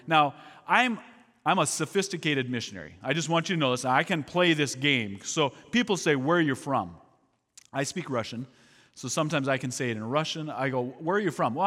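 A man speaks as a missionary, delivering an animated storytelling sermon and acting out the people he quotes. His voice sits at an ordinary middle pitch. It rings out with a long reverb, as in a large hall.

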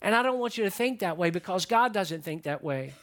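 Male pastor, high-pitched, earnest sermon delivery that repeats key lines. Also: expressive, fairly quick, fairly bright tone.

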